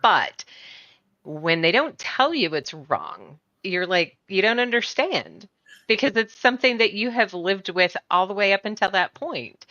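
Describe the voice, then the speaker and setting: Bright, dry-sounding middle-aged woman host. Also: medium pitch, lively intonation, measured pace, no echo, lo-fi sound. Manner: chatty, rambling questions with fillers and laughter. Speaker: interview host. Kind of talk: conversational interview.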